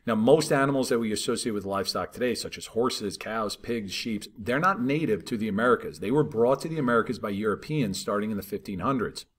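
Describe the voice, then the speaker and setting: A man teaching a history lesson in a relaxed, conversational way, talking over maps and checking in with "right?" and "all right". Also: lowish voice, fairly quick, few pauses, slightly rough.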